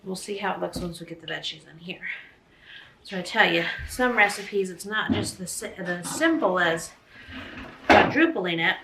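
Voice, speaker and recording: A woman's voice: lowish voice, animated, normal speed, gravelly, reverberant, far from the mic, background noise. A woman vlogger chatting casually and thinking aloud as she cooks, out of breath from the work. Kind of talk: casual cooking vlog chat. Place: home kitchen.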